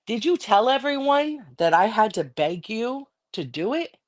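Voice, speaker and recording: A woman's voice: medium pitch, big pitch swings, normal speed, hardly any pauses. A middle-aged woman on a livestream, ranting angrily and defiantly with constant swearing. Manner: angry, defiant, profane. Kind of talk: heated livestream rant.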